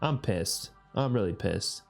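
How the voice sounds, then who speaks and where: A young man hosting a reaction video, talking with a gravelly fry in his voice. His pitch swings widely as he reacts, and he swears freely and gets excitable. It is casual, off-the-cuff commentary. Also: measured pace, faint music behind. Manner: excitable, swears often, voice jumps on outbursts.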